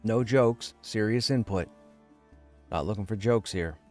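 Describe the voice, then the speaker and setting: A man's voice: on the low side, measured pace, a little mellow, faint music behind. A man live-streaming a game, chatting casually and joking with his viewers. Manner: chatty, joking, self-deprecating. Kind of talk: casual live-stream chat while gaming.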